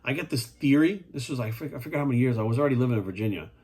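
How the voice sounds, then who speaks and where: A man's voice: mid-range voice, expressive, rapid-fire, warm tone, breathy edge. A man talking as a fitness coach in a casual monologue, blunt and profane, firing rhetorical questions at the viewer.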